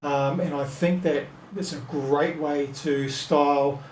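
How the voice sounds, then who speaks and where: A man talking through a web design tutorial in a casual, thinking-aloud way, full of ums and quick self-corrections. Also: on the high side, steady tone, a little mellow, echoey room, a little hiss or hum, rough recording. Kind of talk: casual screen-recorded tutorial.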